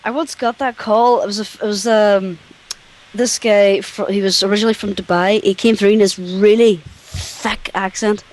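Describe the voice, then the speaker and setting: Brisk Northern Irish woman. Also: mid-range voice, fairly even intonation, darkish tone, rough recording. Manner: brisk, dry call-center anecdotes. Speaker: guest. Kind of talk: casual storytelling.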